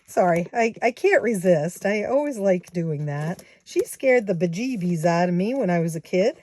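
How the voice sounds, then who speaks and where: A woman in her sixties chatting casually to her viewers, counting money out loud as she goes. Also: fairly low pitch, animated, moderate pace, dry recording. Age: 60s. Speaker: savings challenge vlogger.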